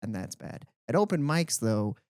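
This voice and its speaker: A young man co-hosting a podcast, telling stories in a casual, animated way with lots of "like". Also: medium pitch, normal speed, clean tone, no echo, clean studio sound. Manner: animated storyteller, heavy use of "like". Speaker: podcast co-host. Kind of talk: casual chat.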